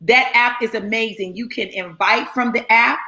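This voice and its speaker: A woman talking excitedly as a guest on a live stream, emphatic and repeating herself for effect. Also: fairly high pitch, normal speed, reverberant. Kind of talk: excited casual chat.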